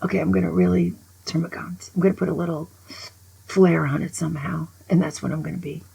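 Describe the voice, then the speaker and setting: A woman over sixty-five giving a casual, opinionated monologue as a vlogger. She is an animated, grumbling storyteller who often drops to a whisper. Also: low voice, quick pace, vocal fry, slightly rough, rough recording.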